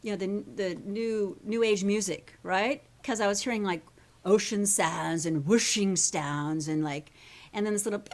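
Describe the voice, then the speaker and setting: A woman's voice: mid-range voice, moderate pace. A woman coaching a live workshop group, talking in a chatty, rambling way and often checking in with the listeners.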